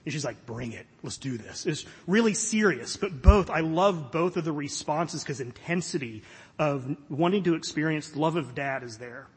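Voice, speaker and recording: Preaching at normal speed in a slightly rough, higher-leaning voice, this middle-aged Florida pastor sounds earnest and conversational. He adds touches of self-deprecating humor, and the hall reverb is long.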